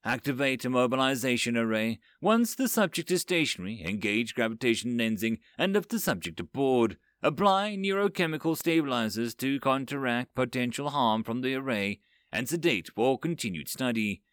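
A man's voice: mid-range voice, moderate pace, no room sound, close to an everyday voice. Tired alien woman, procedural recitation, voiced by a man, dry close mic. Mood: reciting. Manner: flat, reciting orders. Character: weary female alien abductor, procedural.

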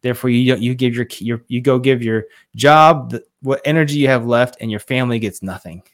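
A man in his forties talks earnestly as a podcast guest, a fatherhood coach retelling a moving story. His voice sits at an ordinary middle pitch and he gets audibly emotional, slipping into the voices of the people he quotes. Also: a little fast. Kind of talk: casual interview storytelling.

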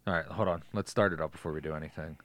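A man's voice: extremely low pitch, steady tone, racing, no room sound. A man co-hosting a podcast in casual movie chat, laid-back and swearing, often trailing off mid-sentence. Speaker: podcast co-host.

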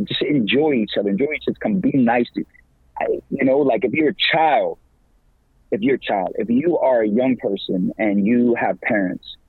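Middle-aged male evangelist guest, slangy and animated; husky, dry and tinny like a phone. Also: no room sound. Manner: animated, slangy, pitch leaps when excited. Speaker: podcast guest, evangelist and campus minister. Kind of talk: casual faith talk.

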